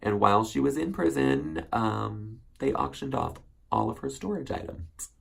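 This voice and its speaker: A man's voice: medium pitch, moderate pace, gravelly. A man hosting a solo recap show, chatting casually and rambling with many ums and self-corrections. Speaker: recap host.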